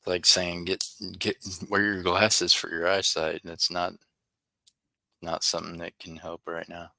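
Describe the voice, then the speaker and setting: A man, hosting a casual coin-hunting livestream and chatting to viewers, excitable over each find and quick to apologize. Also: deep voice, vocal fry, dry recording. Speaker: livestream host searching coin rolls.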